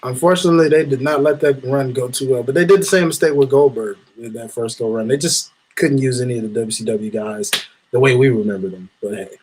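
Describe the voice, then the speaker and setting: A man's voice: mid-range voice, darkish tone, a little hiss or hum, low-quality recording. Chuckling, laid-back man on a wrestling chat. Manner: laid-back, chuckling, quick agreeing interjections. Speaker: guest co-host. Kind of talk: casual wrestling review chat.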